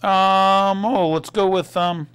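A man's voice: high-pitched, fairly even intonation, slow, fairly bright tone, smooth. A man hosting a news commentary show, talking animatedly and sarcastically, full of rhetorical questions. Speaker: host. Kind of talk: commentary monologue.

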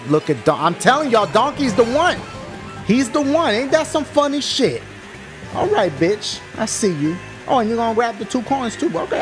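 Brief: excitable male let's-play commentator, loud and profane, swooping all over. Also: very high voice. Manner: loud, profane trash talk, frequent yelling and laughter. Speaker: gaming commentator. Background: game music.

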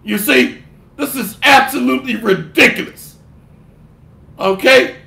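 A man delivers a fierce, scolding sermon in a strikingly high, gravelly voice. His tone is sharp and bright as he rebukes his listeners and mocks them in put-on voices. The recording sounds like an echoey room. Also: measured pace. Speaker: preacher.

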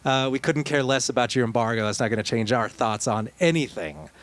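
A man's voice: medium pitch, lively intonation, brisk, natural voice. A man voicing a defiant British official who brushes off a threat in a mocking aside. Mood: dismissive.

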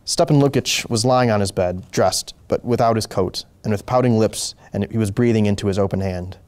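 Low, mellow male storyteller. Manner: slow, deliberate, occasional slips. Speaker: host reading a story aloud. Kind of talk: measured story narration.

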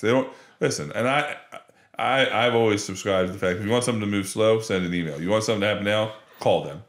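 A man's voice: lowish voice, fast, roomy sound. A man hosting a podcast, chatting in an enthusiastic, agreeing way that is full of restarts. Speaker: podcast host. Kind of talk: casual interview chat.

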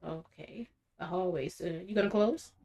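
A woman's voice: lowish voice, moderate pace, gravelly, warm tone. A woman streamer giving casual, chatty commentary while playing a video game. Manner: chatty, talks to viewers. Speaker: gaming streamer.

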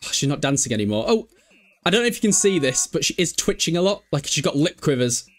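A young man chats through a live game stream, swearing freely and laughing a lot. His fairly high voice swings up and down with animated energy. Faint music sits behind him. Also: quick pace. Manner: chatty, sweary, laughs often, reads chat aloud. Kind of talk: casual live game commentary.

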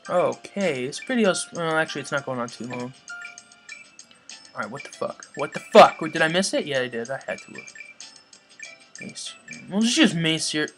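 A let's play gamer giving casual commentary, swearing often and yelling at the game. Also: medium pitch, lively intonation, measured pace, pauses often, music in the background. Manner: swears a lot, yells at the boss.

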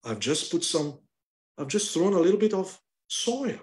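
A man's voice: fairly high pitch, big pitch swings, normal speed, darkish tone. A man voicing a young son who answers his father matter-of-factly. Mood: cheeky.

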